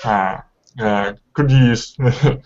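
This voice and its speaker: A man's voice: mid-range voice, takes it slowly, darkish tone. A man learning English, asking the tutor hesitant questions about pronunciation. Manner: hesitant, with nervous laughs. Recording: muffled lo-fi audio.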